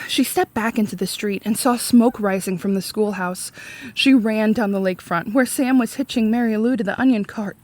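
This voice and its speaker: A woman reading a chapter book aloud for a read-along, expressive and explaining the story in simple terms. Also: fairly high pitch, normal speed.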